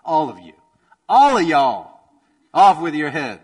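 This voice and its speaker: A preacher acting out a fed-up ancient king, barking orders in a loud, curt voice. He sounds a little distant from the microphone. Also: on the high side, very animated, unhurried, full character voice. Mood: furious. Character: angry impatient ancient male king giving orders.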